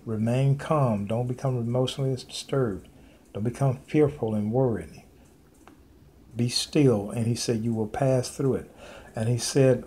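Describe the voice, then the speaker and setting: A man speaking an informal sermon to camera, earnest and repetitive, with many pauses and fillers as he warns of coming events. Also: mid-range voice, dark tone, husky. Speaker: preacher sharing prophetic visions.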